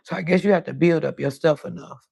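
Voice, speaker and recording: A woman in her fifties chatting on a livestream as host, telling animated stories with plenty of cussing. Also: deep voice, fast talker, vocal fry, breathy edge, no echo. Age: 50s. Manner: chatty, animated storytelling with cussing and quoted voices. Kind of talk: casual livestream chat.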